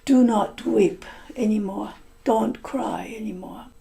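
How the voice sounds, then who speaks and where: A woman voicing a sorrowful, reproachful female serpent wife in a storybook tale, speaking slowly in soft, simple phrases. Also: a little high, fairly even intonation, gravelly. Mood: soothing.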